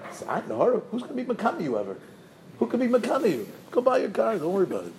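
A male rabbi delivers a lively sermon, his pitch swinging widely as he tells stories and chants repeated verses. His voice sits a bit high and carries a steady gravelly fry. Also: very fast, rough recording.

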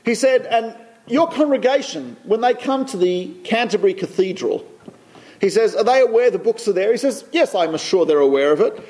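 Lay teacher, man with a high voice, anecdotal talk, repeats himself for emphasis. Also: lively intonation, normal speed, a little mellow. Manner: storytelling, repeats phrases for emphasis.

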